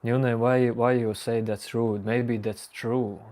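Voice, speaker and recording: A man's voice: medium pitch, little pitch movement, slow, a little mellow. A man hosting a late-night livestream, casually teasing and joking with his chat viewers. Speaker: livestream host.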